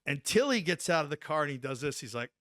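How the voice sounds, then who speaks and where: A man in his forties, an army veteran guest on a podcast, telling an animated story and tagging lines with "right?". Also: on the high side, fast, no echo, clean studio sound. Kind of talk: casual storytelling anecdote.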